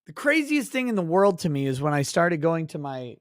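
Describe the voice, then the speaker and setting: A man's voice: on the high side, sing-song, a little fast, no echo. A man holds forth on a livestream in a loose, profane rant. He is mocking and exasperated, swearing freely. The sound is dry, with no room around it. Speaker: livestream host.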